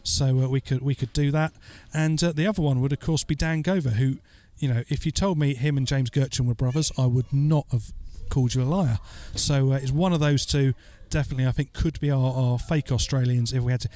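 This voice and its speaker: A man's voice: medium pitch, fairly even intonation, brisk, hardly any pauses, mellow. A man standing in as podcast host, answering listener questions in a loose, joking way with lots of "uh" fillers. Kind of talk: casual podcast chat and listener Q&A.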